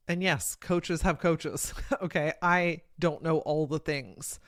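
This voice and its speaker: A woman's voice: sits low, takes it slowly, no echo, clean studio sound. A woman hosting a solo podcast, speaking with energy and emphasis in a casual, motivational style and swearing now and then. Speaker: podcast host and coach.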